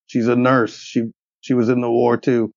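Gravelly man in his forties narrating. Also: mid-range voice, flat delivery, normal speed, a little mellow, no room sound. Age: 40s. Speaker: game master. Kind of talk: narrating a tabletop game. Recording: dull lo-fi dry mic.

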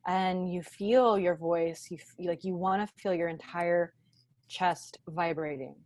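A woman guest on a podcast, calmly teaching in a slow, deliberate and grounded way. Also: fairly low pitch. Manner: calm, deliberate, speaks slowly and groundedly. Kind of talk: conversational teaching.

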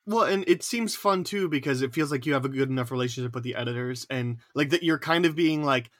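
Bright-voiced man, halting and chatty. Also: mid-range voice, no echo. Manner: halting, restarts, shouts when quoting. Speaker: podcast co-host. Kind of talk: casual chat.

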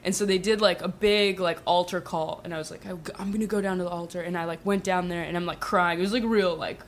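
Speaking fast in a voice on the low side, a woman recounts a humorous personal tale for a small group while a slight hiss or hum sits underneath. She's giggly and sprinkles "like" everywhere, tossing in lively asides as the guest storyteller.

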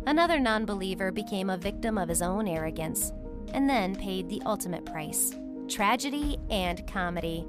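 A woman's voice: mid-range voice, animated, moderate pace. Woman narrating over music. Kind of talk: animated first-person storytelling. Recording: music bed under narration.

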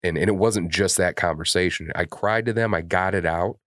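A man with a very deep voice talks on a podcast in a casual, candid way. His speech is blunt and full of swearing, and he is openly emotional. The sound is close and dry. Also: fairly quick, a bit bright, dry recording. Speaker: podcast co-host.

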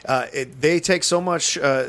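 A man's voice: on the high side, measured pace, a bit bright. A man co-hosting a film podcast, thanking listeners in a heartfelt, expansive way. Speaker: podcast co-host. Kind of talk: closing remarks to listeners.

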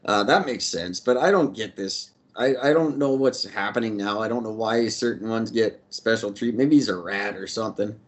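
A man's voice: lowish voice, normal speed, few pauses. A man co-hosting a casual chat over a video call, dropping wry quips. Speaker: podcast co-host.

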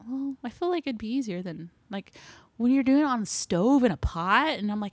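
A woman's voice: a little high, expressive, fairly quick, no echo. A young woman, an actor, telling a casual story in an interview with lots of fillers. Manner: chatty, filler-heavy, laughing storyteller. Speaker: actor guest.

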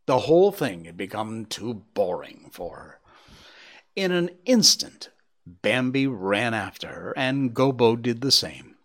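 Lively male storybook narrator. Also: a little slow. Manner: lively, voicing characters with shifting pitch. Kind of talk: audiobook reading of a children's story.

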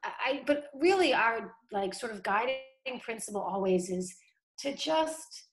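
A woman from Boston, a communications director, talking casually in an interview with lots of "like" and "you know". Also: medium pitch. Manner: chatty, many "like" and "you know" fillers, quick laughs. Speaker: city council communications director.

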